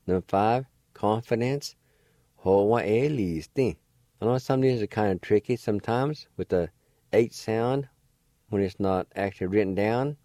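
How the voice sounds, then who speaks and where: A man's voice: lowish voice, mellow, no room sound, clean studio sound. A man teaching a language lesson, patiently spelling out words letter by letter and sounding out syllables one at a time. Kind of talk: slow spelling and pronunciation lesson.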